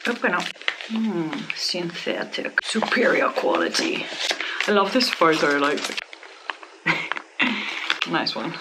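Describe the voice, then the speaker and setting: A woman's voice: lowish voice, lively intonation, measured pace. Gushing woman unboxing a wig, noisy room. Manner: gushing, breathy exclamations, drops to whispers. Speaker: wig reviewer. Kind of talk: casual unboxing review.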